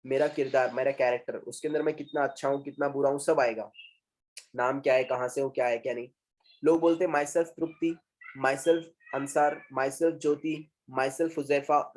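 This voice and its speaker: A man's voice: medium pitch, rapid-fire, darkish tone. A man in his twenties with an Indian English accent, teaching English as a communication trainer and switching often between English and Hindi, repeating points for emphasis. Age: 20s. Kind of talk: classroom English lesson.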